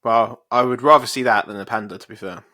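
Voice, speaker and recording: A man's voice: medium pitch, quick pace, bright, forceful tone, no echo, studio quality. A young man co-hosting a podcast, swearing, teasing and laughing as he talks. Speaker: podcast co-host. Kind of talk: casual chat.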